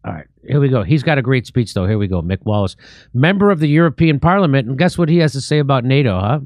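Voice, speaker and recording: Ranting American comedy host, dry sound. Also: male voice, mid-range voice, fast, no echo. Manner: sarcastic, ranting, animated. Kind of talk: casual comedic commentary.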